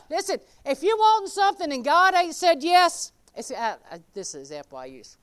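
Lively high-voiced woman preaching. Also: a little fast, hardly any pauses. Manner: folksy, animated, addresses congregation by name. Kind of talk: informal sermon.

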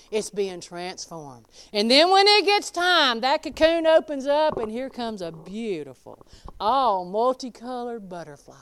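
In a mid-range voice, a woman preaches a sermon in a folksy, emphatic style, swinging between loud exclamations and quiet asides.

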